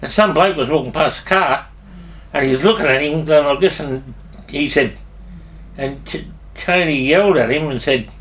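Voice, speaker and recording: An older man with an Australian accent and a fairly high voice tells rambling stories from his life. He swears freely, restarts his sentences mid-thought and chuckles at his own anecdotes. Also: moderate pace, fairly bright tone, a little hiss or hum. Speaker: storyteller.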